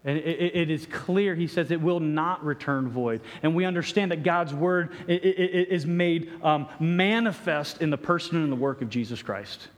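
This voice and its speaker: A man's voice: a little high, normal speed, hardly any pauses. A man preaching a sermon as pastor, stumbling through many restarts and acting out voices. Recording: echoey hall reverb.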